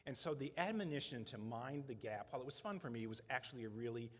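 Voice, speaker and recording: Speaking fast and expressively in a mid-range voice, a middle-aged nonprofit leader gives an earnest, conversational talk to donors at a fundraising breakfast. He often tags his sentences with "right?" The sound reverberates through the big event hall.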